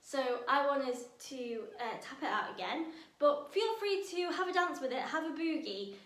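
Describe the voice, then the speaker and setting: A woman with a fairly high voice leads a drama workshop, talking teenagers through a speech in a lively, chatty way. Her voice rings a little in a roomy space. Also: moderate pace. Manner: lively, chatty explainer who laughs now and then. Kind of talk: online lesson for teenagers. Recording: roomy echo.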